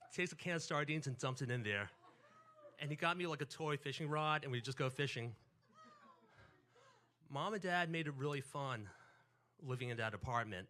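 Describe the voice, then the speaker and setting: A man, telling a personal story on stage and acting out family voices. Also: medium pitch. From New York. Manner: animated, acts out quotes and family voices.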